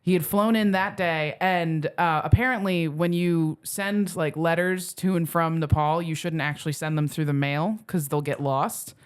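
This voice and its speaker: A woman's voice: sits low, fairly even intonation, normal speed, hardly any pauses, smooth. A woman comedian telling a long anecdote in a casual podcast chat, with plenty of likes and ums. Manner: rambling anecdote full of "like" and "um" fillers. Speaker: comedian guest.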